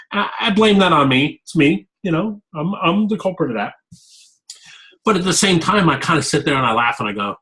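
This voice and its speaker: A man's voice: a little high, very animated, normal speed, bright, forceful tone, rough recording. A man being interviewed about his work as a fitness coach, talking candidly and rambling, often repeating himself. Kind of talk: casual interview talk.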